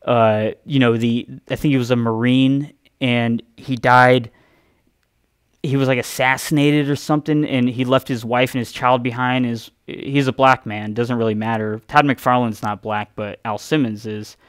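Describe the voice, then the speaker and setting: A man's voice: mid-range voice, fairly even intonation, normal speed, clean tone, no echo, studio quality. A man who streams from home, telling casual, rambling stories with profanity and frequent self-interruptions.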